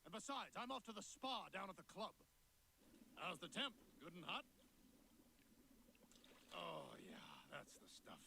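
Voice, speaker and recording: An actor voicing a wisecracking, self-serving adult talking dog with a sardonic, wheedling manner. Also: male voice, sits high, big pitch swings, a little slow, vocal fry, pauses often, background noise, exaggerated voice. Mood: brash.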